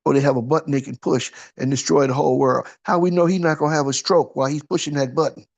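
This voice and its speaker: The audio is dull, and the preacher talks fast in a slightly high, gravelly voice with a steady tone. His informal sermon is conversational and packed with rhetorical questions. He checks in with listeners, frequently asking "huh?"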